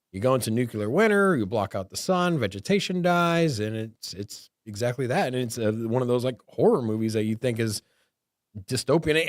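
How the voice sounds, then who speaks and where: A man's voice: medium pitch, no echo. A man hosting a casual podcast from a studio, rambling and repeating words as he gets worked up. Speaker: podcast host.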